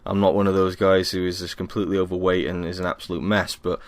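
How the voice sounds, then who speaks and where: A young podcast host from Wales talks fast in a low, level voice on his casual solo show, recorded at home with no echo. Tired after a workout, he rambles, makes fun of himself, and fills pauses with plenty of ums.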